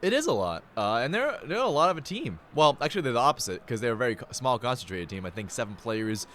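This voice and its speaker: A young man calls the action live in a medium-pitched voice. His delivery is loose and jokey, full of playful asides between plays. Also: very animated, quick pace, a bit bright. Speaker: play-by-play announcer. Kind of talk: live play-by-play commentary.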